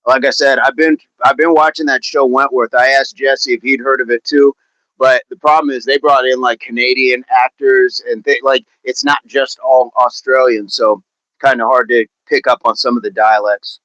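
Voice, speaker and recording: A man's voice: mid-range voice, steady tone, normal speed, pushed and bright, dry recording, rough recording. A man hosting a casual livestream, chatting with viewers in a hesitant way with many fillers and restarts. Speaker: livestream host. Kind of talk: casual livestream chat, reading viewer comments.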